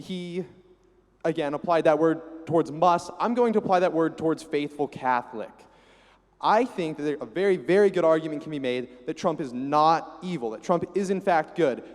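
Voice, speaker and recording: A man's voice: a little high, a little mellow. Assertive man speaking in an echoing hall. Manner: assertive, measured argument. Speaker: student debate speaker. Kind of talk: debate floor speech. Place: university hall. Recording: long hall reverb.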